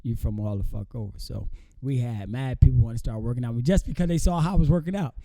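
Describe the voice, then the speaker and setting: Dark-voiced man telling his story. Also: medium pitch, fast talker, dry recording. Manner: animated street slang, frequent "you feel me". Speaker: podcast guest. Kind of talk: casual storytelling.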